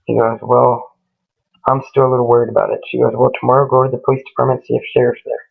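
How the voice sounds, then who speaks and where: A man's voice: mid-range voice, level tone, fast talker, creaky, husky. A man casually telling a ghost story in a rambling way, retelling each exchange with "he goes" and "she goes". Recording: tinny lo-fi phone-like recording.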